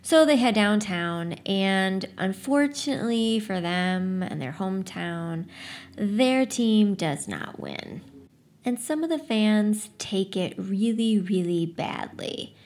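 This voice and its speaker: A woman's voice: mid-range voice, slow pace. A woman giving a casual book talk, summing up a story in a chatty way and then reading a passage aloud with expression. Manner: chatty, relaxed, frequent "like" quotes; expressive first-person reading.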